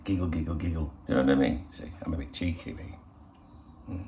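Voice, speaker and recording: A man's voice: very deep voice, brisk, darkish tone, slight background noise. A middle-aged man hosting a football channel, chatting casually in a rambling, cheeky way full of swearing. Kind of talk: casual chat. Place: in Spain.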